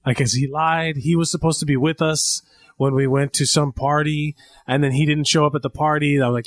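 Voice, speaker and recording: A man co-hosting a casual podcast who chimes in with jokes and tells his own loose anecdote. His voice sits a little high for a man. The recording is close and dry. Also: fairly even intonation, no room sound. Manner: joking, quick interjections. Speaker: podcast co-host. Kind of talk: casual chat.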